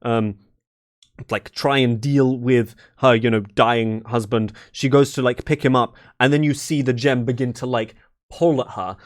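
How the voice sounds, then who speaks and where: A man's voice: mid-range voice, steady tone, measured pace. A young man narrating a tabletop game as dungeon master, loose and full of fillers. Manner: loose, with many fillers and restarts.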